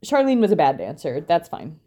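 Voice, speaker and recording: A woman's voice: sits low, huge pitch swings, a little fast, dark tone. A young woman co-hosting a podcast, recapping a reality show in a wry, chatty way and laughing often. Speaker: podcast co-host.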